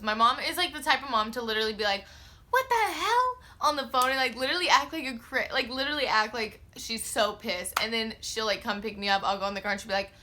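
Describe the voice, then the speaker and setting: A young woman vlogger telling a casual storytime, slangy and profane, with lots of filler words and acted-out quotes. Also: medium pitch. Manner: expressive, acts out her own quotes.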